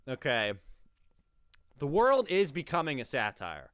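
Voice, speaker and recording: Man, reaction host, profane, exasperated, lively pitch, smooth resonant voice. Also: unhurried, no room sound, studio quality. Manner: profane, exasperated, laughing asides. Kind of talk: casual reaction commentary.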